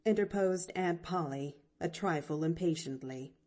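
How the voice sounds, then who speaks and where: A woman narrates a classic novel in a measured, unhurried audiobook reading. Her voice is mellow and warm, with lively ups and downs in pitch. She tells the story at a slow, steady pace.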